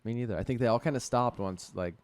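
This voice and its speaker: A man's voice: medium pitch, fast talker, dry recording. A man co-hosting a podcast in casual, jokey chat, rambling through ideas with filler words. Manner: jokey, rambling, lively intonation. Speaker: podcast co-host.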